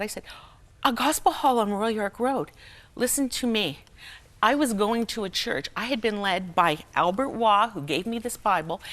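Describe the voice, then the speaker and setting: A woman's voice: medium pitch, a bit bright. A middle-aged woman telling a personal story as a talk show guest, acting out the voices of people in it and often laughing. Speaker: guest speaker and humorist. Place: television studio.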